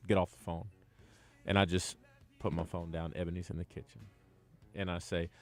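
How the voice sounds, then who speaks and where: Male co-host, lowish voice, animated storyteller. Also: a little fast, pauses often, soft background music. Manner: animated storyteller who laughs at himself. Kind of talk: casual radio storytelling.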